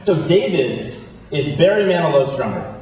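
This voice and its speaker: A young man on stage, telling his founding story with quick, self-deprecating asides. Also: a little high, big pitch swings, a little mellow. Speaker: startup founder giving a talk. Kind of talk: storytelling keynote talk. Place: large lecture hall. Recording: very echoey hall, voice from far off.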